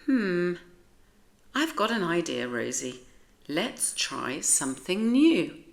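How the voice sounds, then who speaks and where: A woman's voice: on the low side, sing-song, takes it slowly, creaky, exaggerated voice. A cheerful grown man who owns a dog, voiced by a woman reading a storybook aloud, eager and exclaiming in a British accent. His voice swoops up and down with plenty of lift, and he takes his time over the words.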